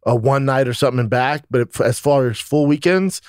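A man's voice: medium pitch, a little fast, darkish tone, clear, resonant tone, no echo, clean studio sound. A man hosting a podcast, chatting casually with blunt, profane asides. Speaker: podcast host, comedian.

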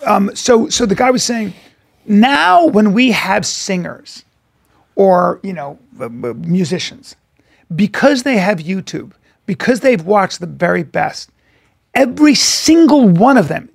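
A man co-hosting a casual podcast chat, reacting with quick, excitable, sweary interjections. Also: high voice, vocal fry. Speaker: podcast co-host.

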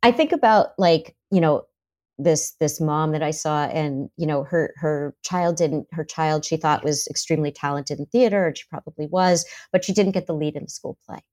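A woman's voice: deep voice, moderate pace. A woman therapist as a guest, talking through parenting examples and acting out parents' lines. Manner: animated, acts out parents' lines in quotes. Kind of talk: conversational interview.

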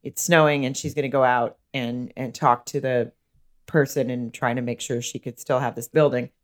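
A woman's voice: very deep voice, fairly even intonation, normal speed. A woman comedian co-hosting a podcast, chatting casually in a blunt, profane, chatty way. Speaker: podcast co-host. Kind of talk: casual chat.

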